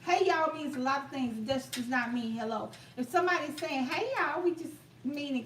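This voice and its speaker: A woman's voice: high-pitched, brisk, hardly any pauses. A woman hosting a cooking live stream, talking outdoors in a chatty, emphatic, folksy way. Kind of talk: casual live-stream chat. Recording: echoey, distant mic, faint outdoor noise.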